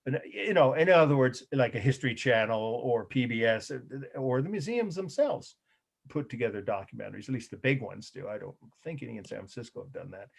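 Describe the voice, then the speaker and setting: A middle-aged man lecturing to a college class in a loose, conversational way, often stopping to correct himself. His voice sits at a middle pitch. He sounds relaxed and informal. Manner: rambling, self-correcting, conversational. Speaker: college art history instructor.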